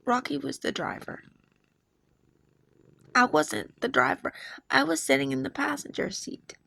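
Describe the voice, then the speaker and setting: A woman in her forties tells a personal story with emotional earnestness, stopping and restarting with fillers. Her voice is bright and edgy, with a deep gravelly fry running through it. Her pitch climbs and drops in a lively way. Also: measured pace, no room sound. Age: 40s. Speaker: video creator sharing dreams.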